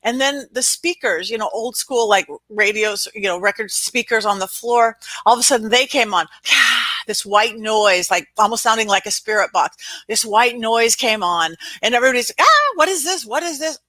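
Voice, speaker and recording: Bright, animated woman telling a story. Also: on the high side, moderate pace, no echo, rough recording. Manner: animated, dramatic storyteller who acts out quotes. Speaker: spirit medium and guest.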